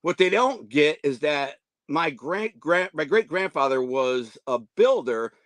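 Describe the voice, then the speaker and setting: A man's voice: on the high side, lively intonation, unhurried, fairly bright tone, no echo. A man around fifty, a guest telling long rambling stories and acting out the voices of the people in them. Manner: rambling, acts out quoted voices. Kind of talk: casual storytelling interview.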